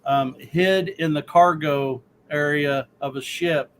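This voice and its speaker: A man's voice: a little high, steady tone, slow pace, a little hiss or hum, poor audio. A man in a casual group chat, rambling with many fillers.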